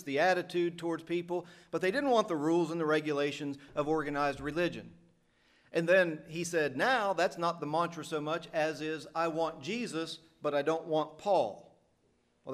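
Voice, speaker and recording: A middle-aged man from the United States, preaching a sermon in an earnest, emphatic way. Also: a little high.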